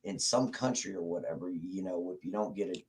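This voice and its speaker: A man's voice: sits low, fairly quick, crowd noise. A man hosting a casual livestream, rambling and swearing as he greets viewers in the chat. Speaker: livestream host.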